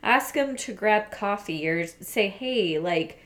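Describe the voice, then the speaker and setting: A woman's voice: medium pitch, animated, measured pace. A young adult woman co-hosting a podcast, chatting casually and bluntly, full of "like" and jokes. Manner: blunt, joking, sprinkled with "like". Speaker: podcast co-host. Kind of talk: casual chat.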